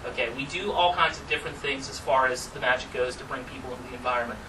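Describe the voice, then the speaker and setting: A man's voice: medium pitch, little pitch movement, quick pace, sharp tone. A man giving a casual, chatty talk to a room about performing magic, laughing at his own stories. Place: room with an audience. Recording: distant mic with background noise.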